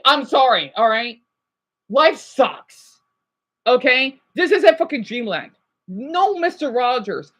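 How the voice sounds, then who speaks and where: A man's voice: very high voice, expressive, slow, pushed and bright. A man in his thirties ranting in a rambling, agitated commentary vlog, swearing often and then apologizing. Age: 30s. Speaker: vlogger.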